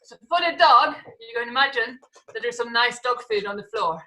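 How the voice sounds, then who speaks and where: A woman's voice: a little high, normal speed, sharp tone. A woman teaching an online acrobatics class to children, calling out moves, counting and making animal sounds. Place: room at home, video class. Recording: echoey room, distant from the mic.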